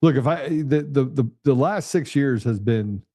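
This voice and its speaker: A man hosting a talk, speaking earnestly and haltingly, with frequent restarts. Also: medium pitch, animated, dark tone, no echo, clean studio sound. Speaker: host. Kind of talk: casual interview chat.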